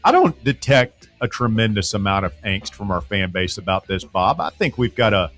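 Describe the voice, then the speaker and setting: A man hosts sports talk radio. He is animated, pushing his voice up high and loud when he gets going, and a faint music bed plays underneath. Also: normal speed.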